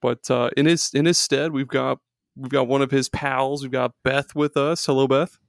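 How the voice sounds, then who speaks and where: A laid-back man in his thirties hosts a casual gaming podcast in an easygoing, jokey way. His voice is of middle pitch and sits close to the mic in a dry, dead room. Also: little pitch movement, normal speed, vocal fry, no room sound. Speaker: podcast host.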